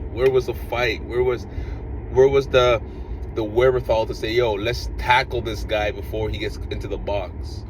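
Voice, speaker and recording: A man's voice: fairly low pitch, noisy background. A man talking as a football fan in a casual reaction vlog, frustrated and ranting, often repeating himself.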